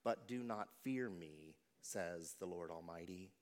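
A man's voice: sits low, measured pace, darkish tone. A man preaching a sermon as pastor, telling stories and acting out quoted voices.

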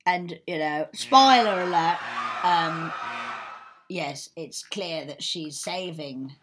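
A woman's voice: deep voice, takes it slowly, noisy background. Chatty woman, playful. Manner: chatty, playful, acts out characters. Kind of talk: casual film chat.

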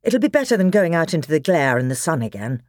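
A woman voicing a decisive eldest schoolboy who leads the others in a storybook reading, brisk and firm. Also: sits low, sing-song, darkish tone, no echo, studio quality.

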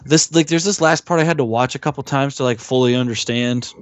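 A man's voice: mid-range voice, steady tone, moderate pace, fairly bright tone, no room sound. Rambling, swearing man on a podcast. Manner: rambling, filler-heavy, swears freely, acts out movie lines. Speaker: podcast co-host. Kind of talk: casual movie recap chat.

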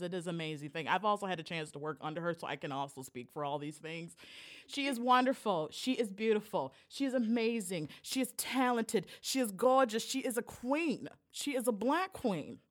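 A woman hosting a podcast over a video call, talking in a bubbly, playful, hyping way. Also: mid-range voice. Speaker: podcast host. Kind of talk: casual chat.

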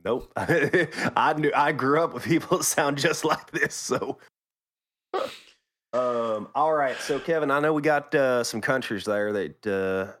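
A man's voice: mid-range voice, measured pace, a bit bright. Profane drawling Texan man. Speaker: podcast co-host. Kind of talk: casual gaming podcast chat.

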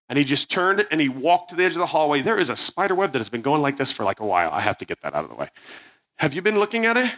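A man tells a story to a live audience with a bright, forceful edge to his voice. He is animated and acts out the characters in turn, and his voice sits a little high for a man. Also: fast talker. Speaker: preacher. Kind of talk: storytelling sermon.

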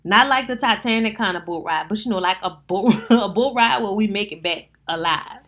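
A woman with a New Orleans accent hosts a casual solo podcast as a wedding planner. She talks in an animated, down-to-earth way and addresses her listeners directly. Her voice sits in a middle pitch range. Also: moderate pace. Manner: chatty, animated, talks straight to listeners with "y'all".

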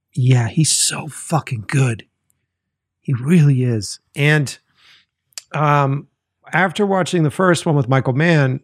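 A man's voice: mid-range voice, no echo, studio quality. A man hosting his own podcast, chatting casually in a rambling, profane way full of fillers. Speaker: podcast host. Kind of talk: casual solo podcast chat.

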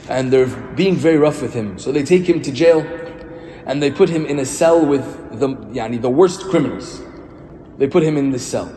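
Priest preaching in an echoey hall. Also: male voice, medium pitch, moderate pace, dark tone, a little hiss or hum. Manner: storytelling, conversational with rhetorical questions. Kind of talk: sermon. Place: church. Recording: reverberant church hall, faint ambience.

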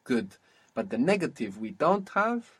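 A man teaching a language lesson, patiently drilling words and saying them slowly and clearly. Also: medium pitch, very animated, a bit bright.

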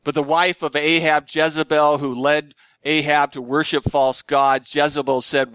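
Earnest male preacher, smooth voice. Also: steady tone, slow pace, no echo. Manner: earnest preaching, dramatic shifts between emphatic highs and hushed lows. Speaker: pastor. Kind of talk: sermon.

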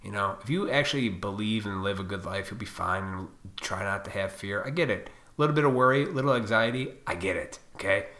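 A man from Illinois hosts his own podcast in a lowish, sharp-toned voice at a fairly quick clip. He rants profanely and combatively, now and then mocking other people in put-on voices.

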